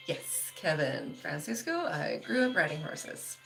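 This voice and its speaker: A woman's voice: low voice, very animated, measured pace, creaky, hardly any pauses, a bit bright, faint music behind. A woman hosting a casual livestream, chatting loosely with lots of "like" and laughing often as she reads viewer comments. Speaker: livestream host.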